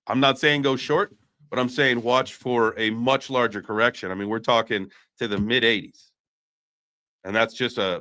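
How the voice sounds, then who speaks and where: A man's voice: mid-range voice, fairly bright tone. A man hosting a casual live-stream chat, hyping up his audience and joking around while swearing freely. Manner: hype, playful, swears casually. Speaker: host.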